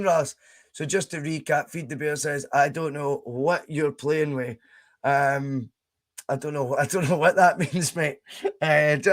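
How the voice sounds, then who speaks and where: A young Scottish man hosting a casual live stream, chatting, laughing and reading out viewer comments as he plays. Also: fairly high pitch. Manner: chatty, laughs often, reads chat aloud. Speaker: podcast host streaming a game.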